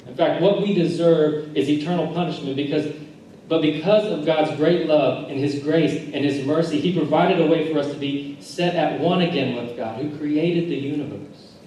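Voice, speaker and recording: A man's voice: fairly high pitch, normal speed, mellow, a little hiss or hum. A man, a pastor, preaching a sermon in earnest, repeating phrases and restarting his sentences. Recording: echoey church hall recording from far off.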